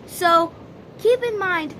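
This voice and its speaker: Woman vlogger, bright, crisp tone; casual, rambling storyteller. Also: very high-pitched, takes it slowly, slight background noise. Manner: rambling, many "so" and "like" restarts.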